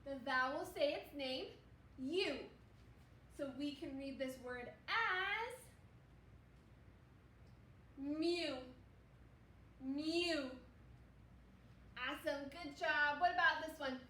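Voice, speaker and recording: A woman teaches early reading to young children, stretching out each sound and praising often. Her voice sits high and her pace is slow and patient. The room echoes a little, and faint noise stays in the background. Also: pushed and bright, recorded from a distance. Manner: slow, encouraging, sounding out words. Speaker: second grade teacher. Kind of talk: phonics lesson for children.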